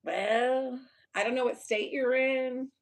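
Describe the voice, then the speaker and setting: Slow-talking Texan woman streamer. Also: high-pitched, steady tone. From Texas. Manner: loose and blunt, swears, laughs often. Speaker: YouTuber. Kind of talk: casual live-stream chat with viewers.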